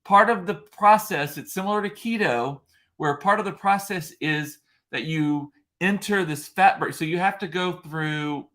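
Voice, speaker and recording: A man's voice: high voice, unhurried, pushed and bright. A man from South Texas, talking casually to viewers in a rambling way, full of fillers and restarts, and stopping to answer their comments. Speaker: vlogger. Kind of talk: casual live-stream chat.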